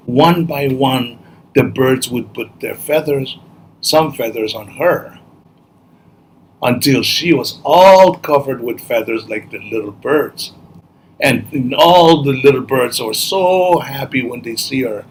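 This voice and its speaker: Slow, gentle male storyteller. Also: medium pitch, slight background noise, rough recording. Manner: gentle, expressive, unhurried. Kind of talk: children's story narration.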